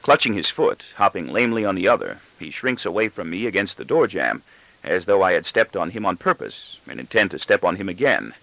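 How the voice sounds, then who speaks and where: Lively low-voiced man reading a novel. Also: brisk, gravelly, no room sound, rough recording. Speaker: audiobook narrator. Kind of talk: scripted first-person narration.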